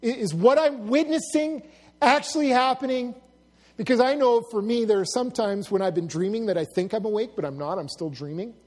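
A man's voice: extremely high pitch, a little fast. A man giving a casual Bible teaching, musing aloud with asides and acted-out quotes.

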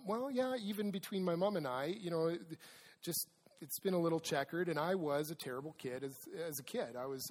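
A man's voice: fairly high pitch, in a large hall. A man preaching a sermon as pastor. He talks conversationally with personal stories and asides, and reads scripture aloud with emphasis.

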